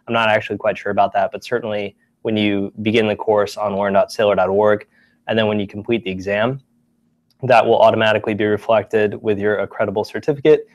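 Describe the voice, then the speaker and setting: A man on staff giving a casual office-hours update, relaxed, with many ums and restarts. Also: lowish voice, no room sound, muffled recording. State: briefly out of breath. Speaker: staff presenter.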